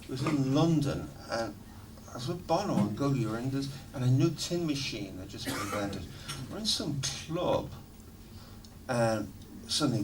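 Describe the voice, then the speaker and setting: A middle-aged man, a musician guest in an interview, telling stories in a lively, laughing, swearing manner. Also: medium pitch, moderate pace. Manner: animated, swearing, laughing storyteller. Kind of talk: casual storytelling interview. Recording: distant mic with noticeable background noise.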